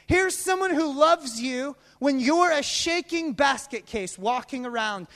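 High-voiced impassioned preacher in a hall. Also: male voice, animated, a little slow, creaky, few pauses. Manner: impassioned, swings from loud to hushed. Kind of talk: sermon. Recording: long reverb of a large hall.

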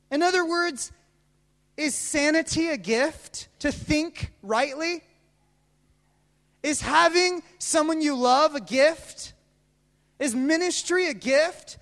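A man preaching a sermon with impassioned delivery that swings from loud declarations to hushed confessions. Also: very high voice, animated, takes it slowly, pauses often. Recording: long reverb of a large hall.

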